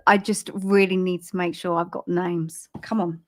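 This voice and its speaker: A British woman of middle age doing a live psychic reading, her voice soft and soothing at an ordinary middle pitch. She talks in a halting, chatty way, full of ums and little restarts, as if searching for the words. It sounds like a casual live stream picked up on a webcam mic. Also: little pitch movement. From Britain. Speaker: spiritual medium giving live readings.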